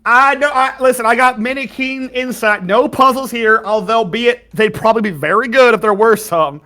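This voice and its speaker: A jovial, tipsy skeleton guide, put on by a man running a tabletop game, rambling in a folksy drawl and chuckling to himself. The voice sits high and bright, with a forceful edge. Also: normal speed. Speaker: game master.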